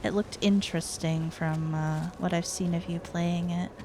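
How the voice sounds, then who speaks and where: A woman streamer chatting casually and excitedly with her viewers. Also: fairly low pitch, a little slow, noisy background. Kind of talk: casual live-stream chat.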